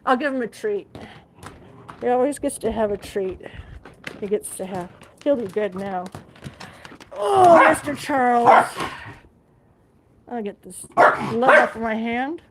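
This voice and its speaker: A woman's voice: fairly high pitch, lively intonation, slow, long pauses. A woman live streaming from her living room, chatting casually, reading viewer comments and talking to her dog. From Alaska. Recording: noisy home recording.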